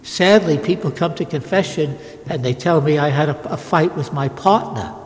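A man's voice: a little high, normal speed. Older male priest preaching in a reverberant church. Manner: emphatic, repetitive preaching with frequent restarts. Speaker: Catholic priest. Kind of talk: sermon.

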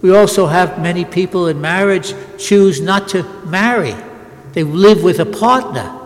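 A man's voice: high-pitched, a little slow, in a large hall. An older man, a Catholic priest, giving an emphatic sermon with repeated phrases and frequent restarts.

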